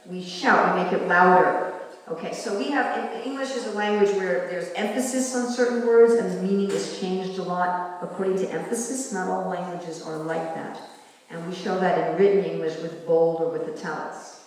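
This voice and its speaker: An older woman lectures in a lively way, slipping into little voiced exchanges to make her point. Her voice is picked up from a distance and rings through a big, echoing hall with a long reverb tail. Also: fairly low pitch, normal speed. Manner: lively, acts out little quoted dialogues. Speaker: class speaker. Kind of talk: scripture class lecture. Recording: echoey hall, mic far off.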